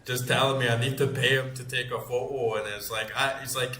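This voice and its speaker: A man's voice: medium pitch, level tone, fairly quick, hardly any pauses, bright, forceful tone. A man in his forties, a gaming YouTuber telling a long story in a rambling, filler-heavy way with plenty of swearing. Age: 40s. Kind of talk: casual storytelling. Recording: roomy echo.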